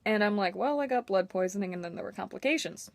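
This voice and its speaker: A woman's voice: mid-range voice, expressive, quick pace, creaky, no room sound. Candid young woman vlogging, dry sound. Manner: candid, emotional, self-mocking. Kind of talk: personal talk to camera.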